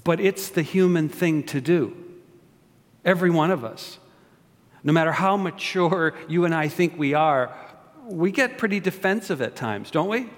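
In a large hall with long reverb, a man preaches a sermon with prayer, joking and quizzing his congregation. His pitch is fairly high, his intonation lively, and his speed normal.

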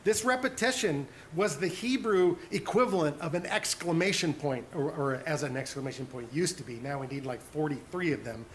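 A man preaching a sermon as pastor, earnest, dropping to soft hushed tones on tender points. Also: on the high side, moderate pace, hardly any pauses, a little hiss or hum.

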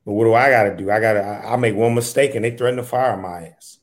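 A man's voice: lowish voice, fairly even intonation, fast talker, close to an everyday voice. A man playing a tired working husband who complains with exasperation, in an improvised comedy sketch. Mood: exasperated.

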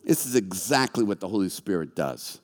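A man's voice: low-pitched, normal speed. A man preaching a sermon as a pastor, telling stories with animation and acting out the voices of the people in them. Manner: animated storytelling, acts out voices. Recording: long reverb of a large hall.

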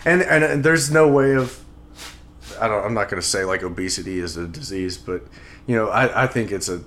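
A man with a fairly low voice talks casually, telling a long anecdote. He restarts and repeats words as he goes, stumbling his way through the story. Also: fairly quick, fairly bright tone, slight background noise. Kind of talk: casual podcast chat.

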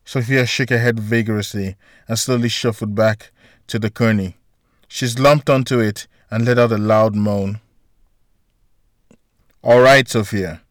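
A man narrating a story in an even, deliberate read-aloud manner. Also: fairly low pitch, dry recording, studio quality. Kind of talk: storybook reading.

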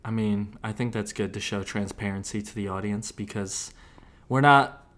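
A young man co-hosting a casual podcast, teasing his friend with dry, deadpan jokes. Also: on the low side, normal speed. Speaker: podcast co-host.

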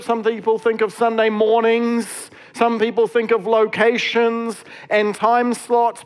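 High-voiced man preaching casually. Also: clean tone. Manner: casual, conversational preaching with many fillers. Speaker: pastor. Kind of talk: sermon.

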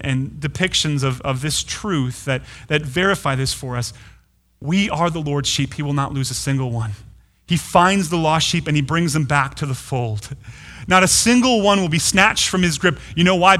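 Man, pastor, sermon, bright tone, earnest, emphatic repetition. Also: fairly high pitch.

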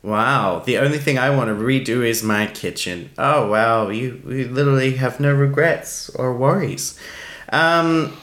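A man's voice: mid-range voice, unhurried, fairly bright tone. A man with an Australian accent co-hosting a podcast in casual, playful chat, laughing easily. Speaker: podcast co-host. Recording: roomy echo.

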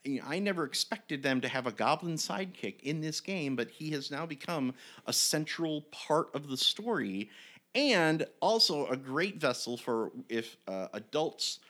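A man telling a tabletop game story in conversation, his pitch rising and falling a lot. He rambles and restarts often, full of energy. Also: normal speed. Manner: animated, rambling, many restarts. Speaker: game master. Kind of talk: casual storytelling interview.

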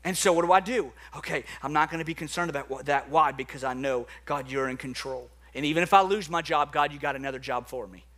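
A man preaching a sermon as a pastor, animated and storytelling, acting out the people in his stories. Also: on the high side, quick pace, few pauses. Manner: animated preaching with acted-out dialogue and asides.

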